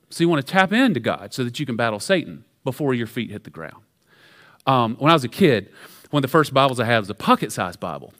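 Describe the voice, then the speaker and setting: A middle-aged man preaching a sermon in a church, talking in an energetic, conversational way with frequent restarts. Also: medium pitch. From American South. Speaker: pastor. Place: church sanctuary.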